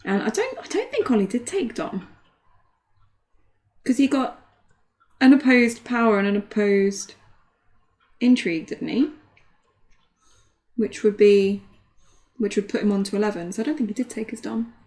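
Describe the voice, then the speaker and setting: A woman's voice: medium pitch, animated, moderate pace, pauses often, darkish tone. A woman, co-commentating a card game in casual chat and laughing often at herself. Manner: laughs often, self-deprecating.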